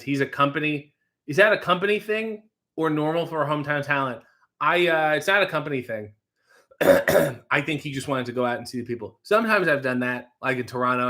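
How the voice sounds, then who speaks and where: A man hosting a casual livestream, reading viewer comments aloud with quick, profane asides. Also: mid-range voice, sharp tone. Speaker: livestream host reading chat. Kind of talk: casual live chat. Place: home kitchen.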